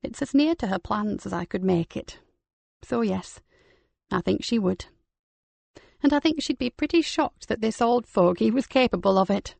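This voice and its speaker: Older ex-army woman, as the narrator reads her, wry and thoughtful, gravelly tone, dry sound. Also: medium pitch, lively intonation, normal speed, darkish tone, no echo. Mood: reflective. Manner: dry, self-mocking, reflective. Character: older woman, retired from the military, now a keen gardener.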